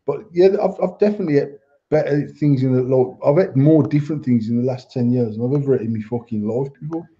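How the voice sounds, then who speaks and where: Mellow-voiced English man telling stories. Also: mid-range voice, fast talker, muffled recording. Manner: swearing, storytelling, animated quoting. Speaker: podcast host. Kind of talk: casual banter.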